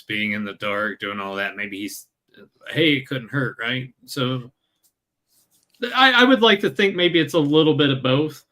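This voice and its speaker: A man's voice: mid-range voice, sharp tone. A man co-hosting a podcast, speculating thoughtfully in casual chat with hesitant starts. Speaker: podcast co-host.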